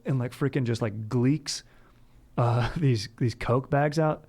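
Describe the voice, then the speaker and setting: A young man hosting a podcast tells a long, loose story in a medium-pitched, darkish voice, taking his time. His laid-back, rambling delivery is packed with "dude" and "like," sentence after sentence.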